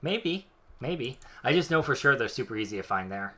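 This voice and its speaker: Bright-voiced joking male streamer. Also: medium pitch, big pitch swings, normal speed. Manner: joking, chatty, thinks aloud. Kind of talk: casual gameplay commentary.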